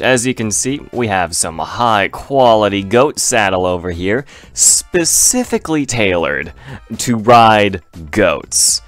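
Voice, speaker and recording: Lower-pitched man pitching playful game deals. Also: lively intonation, unhurried, fairly bright tone, soft background music. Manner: playful salesman-style pitching with frequent fillers. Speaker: game video host. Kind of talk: casual gameplay commentary.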